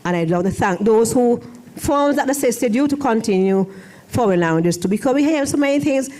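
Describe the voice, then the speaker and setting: With a warm, expressive voice that is a little high and a little fast, a middle-aged former foreign language officer delivers a ceremony speech in a church hall. She rambles, repeats herself and keeps restarting phrases.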